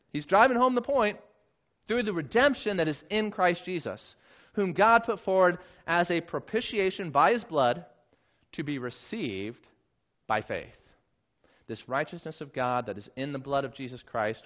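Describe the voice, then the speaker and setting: A man preaching a sermon and teaching from scripture, with emphatic rises and drops in pitch and volume. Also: lo-fi sound. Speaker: pastor.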